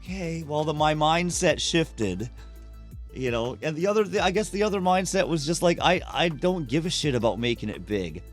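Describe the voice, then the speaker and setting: Casting note: male podcast guest, blunt and swearing, lively anecdotes, faint music underneath. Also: on the high side, moderate pace. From Canada. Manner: candid, profane, animated storyteller who acts out quotes. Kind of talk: casual conversational storytelling.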